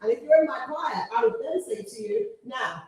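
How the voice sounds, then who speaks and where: A woman's voice: high voice, normal speed, very noisy. A woman leading a gospel singing workshop, talking casually with sung demonstrations and frequent laughs. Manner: lively, demonstrates phrases by singing, laughs often. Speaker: gospel choir leader and workshop teacher. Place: large hall at a conference. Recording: echoey hall, voice from far off the mic.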